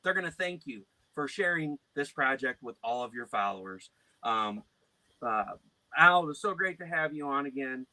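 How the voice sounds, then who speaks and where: Loud animated male podcast host. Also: mid-range voice, moderate pace, no room sound. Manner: loud, animated storyteller who puts on silly voices. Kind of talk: casual chat.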